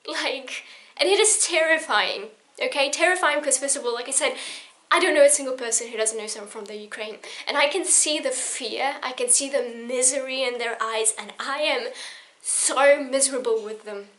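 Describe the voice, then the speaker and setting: A young woman in her twenties from Poland, speaking in an earnest, emotional personal vlog. She rambles a little and restarts her sentences often, in a slightly higher than average voice. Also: normal speed, fairly bright tone. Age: 20s. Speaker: vlogger.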